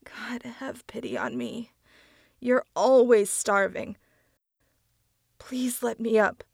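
A woman's voice: mid-range voice, slow pace, dry recording, clean studio sound. A woman voicing a tormented man, trapped and pleading in a strained voice.

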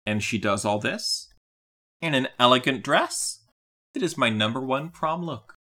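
A woman co-hosting a podcast, chatting casually about a cartoon series, animated and laughing often. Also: a bass voice, a little slow. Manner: animated, laughs often, puts on silly voices. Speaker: podcast co-host.

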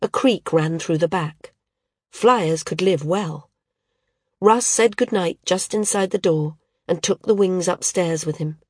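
A woman with a lowish voice reads a novel aloud in calm, measured narration. The recording is dry and close, with no echo. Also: husky. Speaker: audiobook narrator. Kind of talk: scripted narration.

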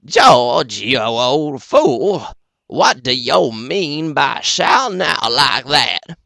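A man voicing a worried old gentleman in an audiobook, speaking slowly and measuredly with a drawl. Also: mid-range voice, sing-song, creaky, no room sound, studio quality, pitched above the performer's own voice, full character voice. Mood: stern.

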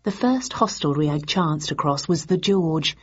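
A woman narrates a first-person audiobook in a low, husky voice. She keeps a dry, measured storytelling pace. The sound is dull and lo-fi. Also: lively intonation.

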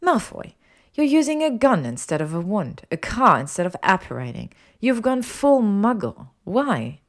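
Woman reader doing a sharp, insistent young witch, pitched up from the narration. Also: very animated, normal speed. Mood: testy. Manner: pointed, questioning and insistent. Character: sharp, clever young witch, curious and testy. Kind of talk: audiobook character voice.

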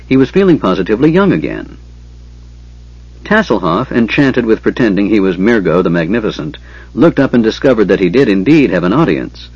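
A man narrating an audiobook with steady, measured storytelling. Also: on the low side, slightly rough, no room sound, muffled recording.

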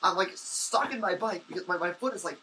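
Bright, high-voiced young man rambling. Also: fairly quick, far from the mic, a little hiss or hum, poor audio. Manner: rambling, excitable storytelling with many restarts. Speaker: podcast co-host. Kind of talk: casual chat.

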